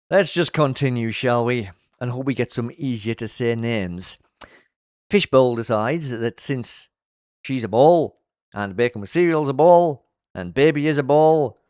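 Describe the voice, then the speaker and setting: A man giving a playful, self-mocking commentary on an animated web show, recapping it as he goes. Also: medium pitch, dry recording, clean studio sound. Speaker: video commentator.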